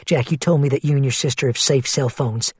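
A man's voice: medium pitch, fairly quick, breathy edge, no echo. A man voicing a worried but skeptical woman in an audiobook, in a level, questioning tone. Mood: reasoning.

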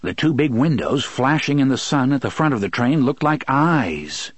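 Man narrating an audiobook, husky voice, dry close sound, even and steady. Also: mid-range voice, no echo. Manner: steady, measured storytelling. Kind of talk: scripted narration.

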